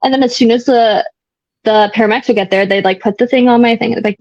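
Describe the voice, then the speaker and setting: A woman's voice: mid-range voice, steady tone, fast talker, a little mellow, no echo. A young woman telling her own story in a casual, candid way, rambling with many fillers and some blunt swearing. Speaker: guest sharing recovery story. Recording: dull, dry lo-fi sound.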